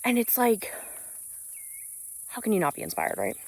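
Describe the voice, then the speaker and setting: A woman's voice: fairly high pitch, huge pitch swings, moderate pace, vocal fry. Earnest woman vlogging on a hike. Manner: earnest, uplifting, loose and rambling with fillers. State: slightly out of breath from hiking. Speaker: spiritual business coach. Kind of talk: unscripted motivational vlog on a walk. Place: outdoors on a hiking trail in nature. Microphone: phone without an external mic. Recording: faint outdoor noise, phone mic. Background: crickets and insects.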